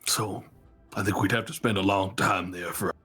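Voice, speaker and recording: Deep husky guy laying down the rules to his party in character, firm. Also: fairly even intonation, normal speed, bright, forceful tone, faint music behind. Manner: firm, instructive warnings. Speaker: tabletop player. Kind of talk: in-character talk in a tabletop game.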